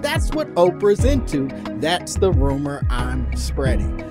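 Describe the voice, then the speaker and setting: A man's voice: fairly high pitch, big pitch swings, slow pace, loud music behind the voice. Playful man hosting a comedy podcast. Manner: playful, mock-grandiose, riffs in exaggerated voices. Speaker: podcast host. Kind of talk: comedic casual chat.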